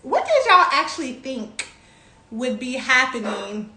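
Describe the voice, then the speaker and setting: A young woman hosting a casual livestream, greeting viewers by name in bubbly, drawn-out sing-song tones. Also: high voice, big pitch swings, sharp tone, reverberant.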